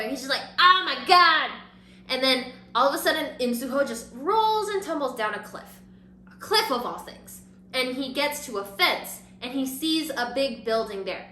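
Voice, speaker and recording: A young woman chatting her way through a drama recap as she does her makeup, gushing and stringing everything together with "like." Her voice sits a bit high and sounds bright and forward. The room leaves a clear echo around her. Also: slight background noise. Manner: animated, gushing, heavy use of "like"; talks while applying makeup. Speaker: beauty vlogger. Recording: roomy echo.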